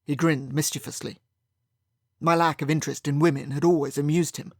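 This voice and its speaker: A man's voice: a little high, steady tone, fairly quick, dry recording, clean studio sound. A man narrating a first-person mystery audiobook in a wry, sardonic manner.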